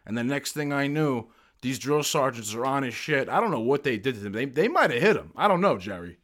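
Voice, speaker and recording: A man's voice: medium pitch, lively intonation, a little fast, a bit bright. Brash, profane male podcast guest. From United States. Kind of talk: casual podcast storytelling.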